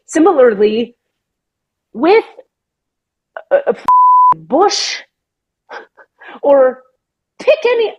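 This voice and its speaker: Husky woman talking earnestly on a podcast. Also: high voice, darkish tone, muffled recording. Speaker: podcast host. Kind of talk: casual podcast chat.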